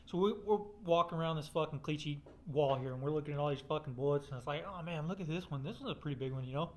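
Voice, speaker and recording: A man's voice: fairly high pitch, quick pace. A man telling a rambling personal story in casual, profane, blunt speech.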